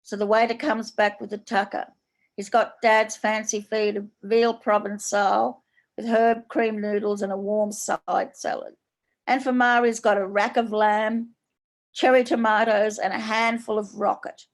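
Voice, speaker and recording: A woman's voice: medium pitch, flat delivery. Australian woman author reading her story. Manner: unhurried, plain storytelling in slang.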